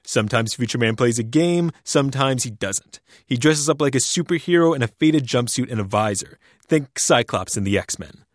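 Male radio reporter, measured scripted narration, dry studio sound. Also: mid-range voice, lively intonation, dry recording. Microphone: studio mic.

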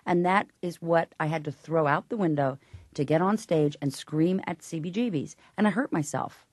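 A woman's voice: sits low, normal speed, no echo, studio quality. A woman who teaches voice, explaining technique in an interview and breaking into short sung examples. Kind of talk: interview with sung and spoken vocal demonstrations.

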